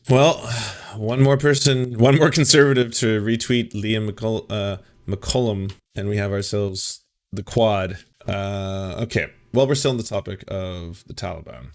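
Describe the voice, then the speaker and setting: A man hosting a casual political commentary chat, joking and rambling with restarts. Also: lowish voice. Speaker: host.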